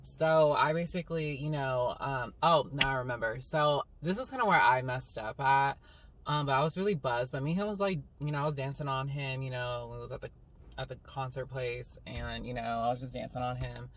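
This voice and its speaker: A young woman telling a story to camera in a casual, rambling vlog style, full of "like" and "um". She tells it in an animated, dramatic way. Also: extremely low pitch, brisk. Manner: rambling, filler-heavy, with 'like' and 'um'. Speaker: vlogger. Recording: slightly distant mic, faint background hum.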